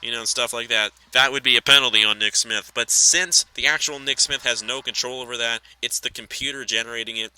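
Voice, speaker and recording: A man calling a sim racing event with excitable play-by-play, his voice climbing high in tense moments, then chatting through the replays. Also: a little fast, hardly any pauses, slight background noise, poor audio. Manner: excitable, pitch shooting up at close racing. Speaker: race commentator.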